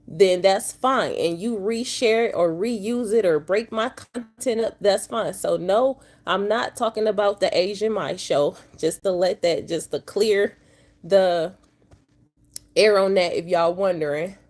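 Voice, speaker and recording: A woman's voice: mid-range voice, a little mellow. A woman truck driver, vlogging to her viewers, upset and emotional after just waking up. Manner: talks slowly and drawls, addresses viewers as y'all. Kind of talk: emotional casual vlog to viewers.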